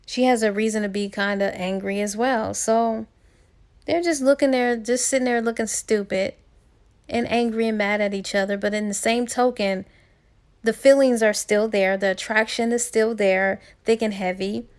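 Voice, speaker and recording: A woman's voice: on the high side, steady tone, normal speed, clean tone. A woman casually retelling a book's plot in a chatty way, with fillers and restarts along the way. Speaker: book reviewer.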